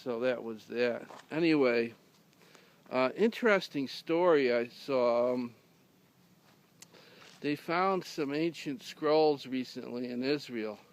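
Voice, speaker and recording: Speaking slowly in a medium-pitched voice, a man relates a humorous anecdote in a casual, deadpan way. The story rambles, with plenty of fillers and restarts.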